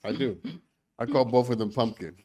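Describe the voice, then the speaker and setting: A man co-hosting a casual talk show, speaking in a measured, earnest way and slowing to stress points. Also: medium pitch, mellow. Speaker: co-host. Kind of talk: casual chat.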